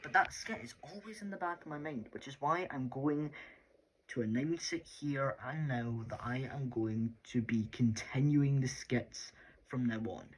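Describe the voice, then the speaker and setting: A man from Scotland chats casually to his viewers in a medium-pitched, husky voice, speaking a little slowly. His YouTube vlog talk rambles and is full of fillers.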